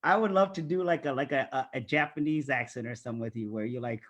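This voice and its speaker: A man's voice: mid-range voice, fairly bright tone. A man hosting a live talk on a video call, playful and joking. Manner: playful, quick to mimic voices. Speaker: host. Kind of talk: casual video call interview.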